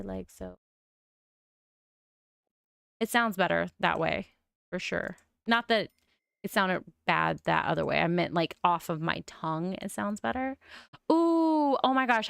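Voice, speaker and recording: A woman's voice: fairly low pitch, moderate pace, gravelly, fairly bright tone, clear, resonant tone, no room sound, studio quality. A young adult woman with a mild lisp, streaming and musing aloud as she builds in a game, with frequent oohs. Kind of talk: casual game-building commentary.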